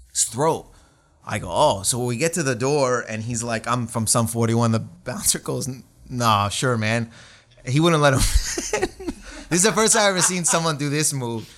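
A man, a comedian, telling a rambling story in casual chat and acting out the people in it. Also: medium pitch. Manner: rambling, animated, acts out quoted voices.

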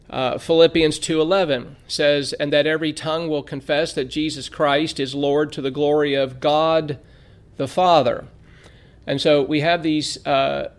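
A man teaching a theology lesson in a measured way, reading scripture aloud with frequent "uh" fillers. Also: a little high. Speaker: Bible teacher. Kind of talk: theology lecture.

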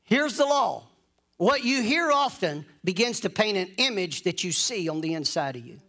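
A man's voice: high voice, big pitch swings, normal speed, sharp tone. A man preaching a sermon in an emphatic, insistent way, repeating phrases to drive points home.

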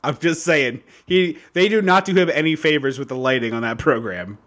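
Higher-voiced man riffing sarcastically. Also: brisk. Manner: animated, sarcastic riffing with frequent laughs. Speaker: podcast co-host. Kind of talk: casual movie-review chat.

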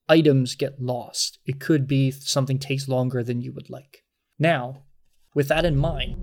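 A man running a tabletop game as game master, narrating scenes in a measured, descriptive way with small fillers. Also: medium pitch, a little mellow.

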